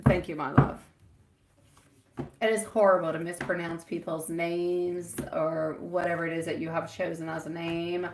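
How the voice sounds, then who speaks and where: A woman's voice: fairly low pitch, level tone, normal speed, a little hiss or hum. A woman hosting a live tarot reading, chatty and giggly, calling her viewers sweetie and my love. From France.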